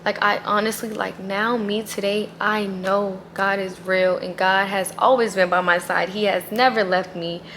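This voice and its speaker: A woman's voice: mid-range voice, fairly even intonation, moderate pace, hardly any pauses, fairly bright tone, a little hiss or hum. A woman vlogger talking casually and earnestly about her faith, emphatic and full of "like.". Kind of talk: casual faith vlog talk.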